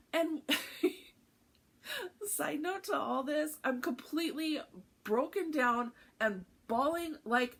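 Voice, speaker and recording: A woman's voice: sits high, fairly bright tone. A woman hosting a cross-stitch vlog in casual chat, candid and heartfelt, often laughing. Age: adult with a teenage son.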